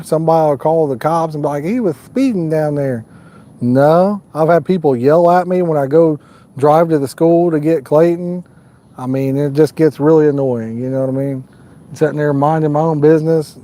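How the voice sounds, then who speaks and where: A man's voice: a little high, dark tone. A man hosting a fishing livestream, rambling in a folksy, casual way and talking to the viewers in chat. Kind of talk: casual live-stream chat.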